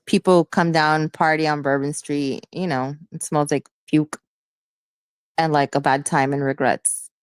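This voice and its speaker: A woman's voice: low voice, steady tone, a little slow, clean tone, dry recording. A woman chatting casually on a live online call, rambling with fillers and laughing often. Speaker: guest in a live audio chat. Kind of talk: casual chat.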